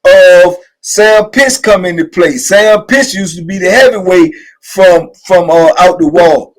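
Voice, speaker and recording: Animated man telling prison stories. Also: sits high, measured pace, low-quality recording. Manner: animated storyteller, acts out quotes, "you know what I'm saying". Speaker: host sharing prison stories. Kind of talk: casual storytelling conversation.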